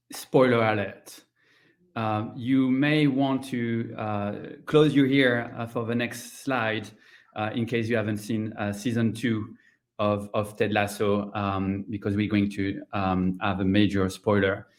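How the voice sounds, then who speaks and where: A man giving an online conference talk, pausing often with ums and uhs. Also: lowish voice, flat delivery. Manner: hesitant, many ums and uhs. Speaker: conference speaker.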